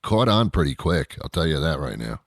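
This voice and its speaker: A man's voice: a bass voice, very animated, normal speed, no room sound, studio quality. A middle-aged man from Canada hosting a talk show, ranting in disbelief and mocking people with imitations. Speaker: radio show host. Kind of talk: solo talk show monologue.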